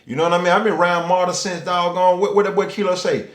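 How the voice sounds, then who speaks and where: Atlanta guy with a high voice riffing casually on his channel, cussing a lot, lots of "you know what i'm saying", echoey room. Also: steady tone, quick pace. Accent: Atlanta Southern. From Atlanta, Georgia. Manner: loose, profane street talk with many "you know what I'm saying" fillers; acts out quoted people. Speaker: channel host. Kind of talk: casual monologue.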